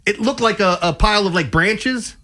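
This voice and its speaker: A man hosting a casual sports radio show, telling animated stories with frequent laughter. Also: sits high, moderate pace. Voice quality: animated storyteller, laughs often.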